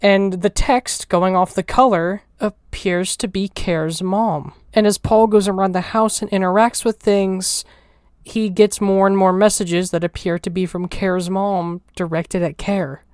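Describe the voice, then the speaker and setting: A woman's voice: mid-range voice, steady tone, measured pace, darkish tone, clear, resonant tone, no echo, clean studio sound. Emotional, foul-mouthed woman commentator. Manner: emotional, swears freely, thinking aloud. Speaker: video essayist. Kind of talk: game commentary. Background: faint music.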